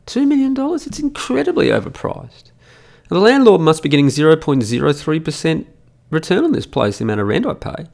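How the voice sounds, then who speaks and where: A man's voice: a little high, sing-song, fairly quick, creaky, darkish tone. A middle-aged Australian man hosting a solo podcast, ranting profanely in a mocking, emphatic way into a studio microphone. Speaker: podcast host.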